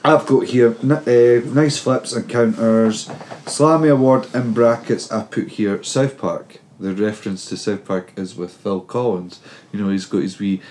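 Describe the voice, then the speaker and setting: A Scottish man co-hosting a casual podcast, his voice sitting a little low. He talks haltingly, breaking off to correct himself and filling the gaps with "uh". The tone is relaxed, loose chat among friends. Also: slight background noise. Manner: halting, many fillers and self-corrections. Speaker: podcast co-host. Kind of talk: casual chat reviewing wrestling.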